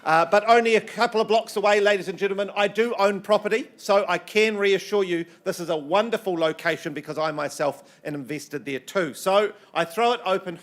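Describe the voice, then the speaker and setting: A man in his thirties with a New Zealand accent, an auctioneer chatting about a house with many fillers and jokes, then calling bids briskly. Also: on the high side, a bit bright. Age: 30s. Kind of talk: live property auction calling. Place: auction room.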